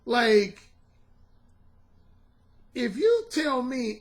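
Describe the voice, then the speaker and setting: High, lively-voiced dating coach ranting. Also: male voice, moderate pace. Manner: slangy, profane and emphatic; talks straight to the audience. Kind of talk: casual monologue to camera.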